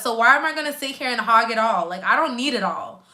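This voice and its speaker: A woman's voice: fairly high pitch, animated, quick pace, pushed and bright. A woman from Quebec, a nurse and YouTuber, chatting casually on a live stream and reacting to viewer comments with slangy, emphatic asides. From Quebec, Canada.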